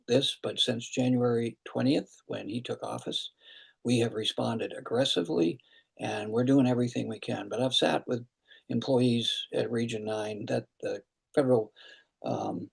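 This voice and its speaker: A man's voice: mid-range voice, vocal fry, a little mellow, breathy edge. An older man hosting a virtual town hall as a congressman, answering questions earnestly with frequent restarts and fillers, heard over a video call.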